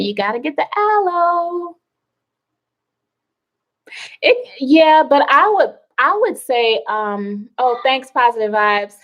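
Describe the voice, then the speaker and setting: A woman's voice: mid-range voice, a bit bright, poor audio. A middle-aged woman hosting a wellness livestream, chatting casually and reading out viewer comments with rambling asides.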